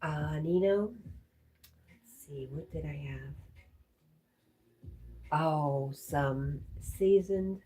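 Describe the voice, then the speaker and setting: Slow low-voiced woman reading chat. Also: warm tone, a little hiss or hum. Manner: reads viewer comments aloud, chatty and friendly. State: stuffy, congested. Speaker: livestream host reading chat. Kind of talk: casual livestream chat.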